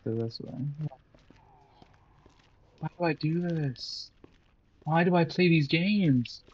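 This gameplay commentator's voice is on the high side, darkish and breathy at the edges, and he takes it slowly over dull audio. Narrating his own horror game to himself, he panics, yelps at the scares, and taunts enemies in a jumpy way.

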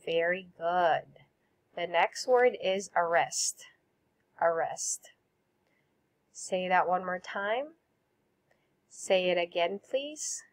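A woman teacher with a Filipino English accent, leading a recorded vocabulary lesson and having students repeat each word after her. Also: lowish voice. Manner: slow, clear drilling with repeat prompts.

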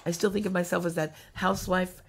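A woman comedian telling animated stories in a casual chat, acting out the people she quotes. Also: on the low side, fast, creaky, slightly rough. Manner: animated anecdotes with acted-out quotes. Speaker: guest comedian.

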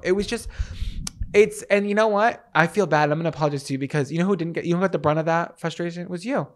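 A man co-hosting a podcast, telling stories in lively casual chat with some swearing. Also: fairly high pitch, fast. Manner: animated, storytelling with profanity. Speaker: podcast co-host.

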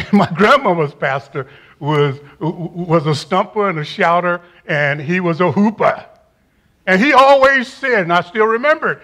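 An older man delivers a chapel sermon in a notably high voice. He hammers points home by repeating them, then drops low and close as if speaking to one listener. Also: animated, unhurried. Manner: emphatic preacher who repeats key phrases and drops to a quiet, intimate tone. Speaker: retired campus minister preaching at a university chapel.

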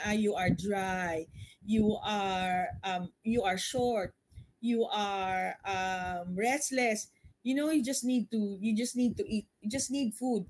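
A woman's voice: fairly high pitch, rough recording. A middle-aged woman with a Filipino accent, teaching a Bible study in an earnest, explanatory way. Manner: switches between English and Tagalog, earnest and explanatory.

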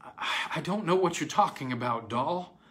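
Male reader plays a weary dad, halting and stammering, near his own voice. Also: mid-range voice, sing-song, pushed and bright. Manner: tired, halting, stammering speech. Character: weary grown father, stammering.

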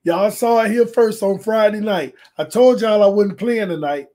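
A man with a hoarse, fading voice hosting a casual gaming livestream, excitable and trash-talking as he reads viewer comments aloud. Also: high voice, moderate pace. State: hoarse, losing his voice. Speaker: sports channel host.

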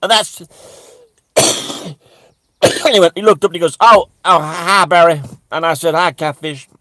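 A man playing a bigoted, stammering preacher who rambles indignantly and breaks into high shouts. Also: measured pace, no room sound. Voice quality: stammering, repeating words. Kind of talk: satirical character monologue.

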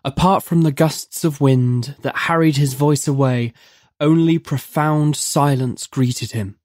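A horror story narrator reading in a measured, vivid manner. The voice sits in an ordinary middle pitch, recorded close and dry with no room sound. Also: darkish tone, dry recording. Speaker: narrator of a horror audio drama.

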